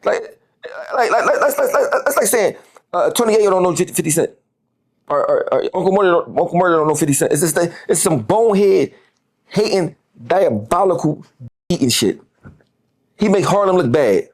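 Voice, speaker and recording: A man's voice: sits high, expressive, moderate pace. A man, a guest on a podcast interview, talking heatedly and profanely and repeating words as he gets worked up.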